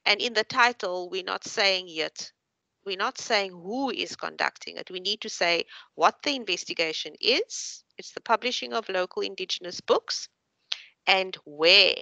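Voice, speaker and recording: A woman's voice: medium pitch, vocal fry, bright, forceful tone, no echo, muffled recording. A woman tutor giving patient, encouraging feedback to students in an online class. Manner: encouraging, patient, explains slowly. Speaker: university tutor.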